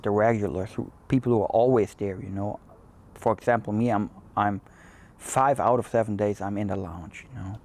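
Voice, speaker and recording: Gravelly low-voiced man chatting casually. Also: darkish tone. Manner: rambling, restarts often, many fillers. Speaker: cigar show host. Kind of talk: casual chat.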